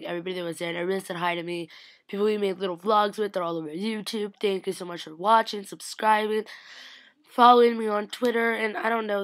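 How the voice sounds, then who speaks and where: A young woman chatting excitedly to camera in a casual vlog, gushing and full of "like". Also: medium pitch, no room sound. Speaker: vlogger.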